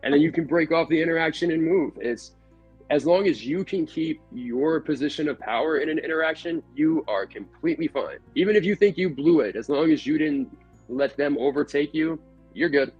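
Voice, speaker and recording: A man who works as a haunt actor and manager, giving measured, blunt advice in a casual livestream chat. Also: on the high side, darkish tone, husky, muffled recording, soft background music.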